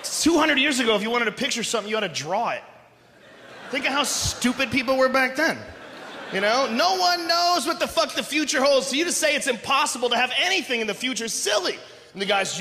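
Man, stand-up comic, high voice, loud animated profane rants, big echoey theater. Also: brisk. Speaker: stand-up comedian. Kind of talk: live stand-up comedy. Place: large theater stage. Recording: echoey hall with audience noise.

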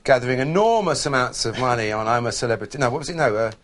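A man's voice: medium pitch, lively intonation, fast, a bit bright. A man hosting a chat show, teasing his guest with dry remarks. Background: studio audience laughter.

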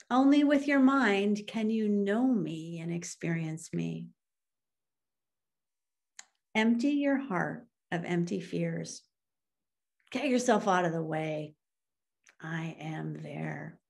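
A middle-aged woman minister telling a story in a sermon and reading a poem aloud, slow and earnest, with emotional swells. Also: mid-range voice, vocal fry.

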